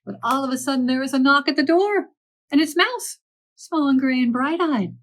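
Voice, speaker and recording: A woman librarian reading picture books aloud to children, gentle and animated, with chatty asides to the listener. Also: high voice, moderate pace. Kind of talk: picture-book read-aloud.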